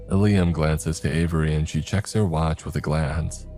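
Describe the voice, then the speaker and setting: A man telling a scripted first-person horror story, grave and steady, with stern lines of dialogue. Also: very deep voice, moderate pace, few pauses, faint music behind.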